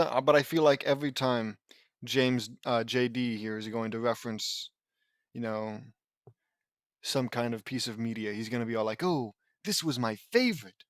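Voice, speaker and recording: A man's voice: medium pitch, no room sound. Guy reading fanfic and roasting it, rambly, trips over his words, very dry sound. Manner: sarcastic, rambling, stumbles and restarts often. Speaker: audiobook reader and commentator. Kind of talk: sarcastic reading of fan fiction with commentary.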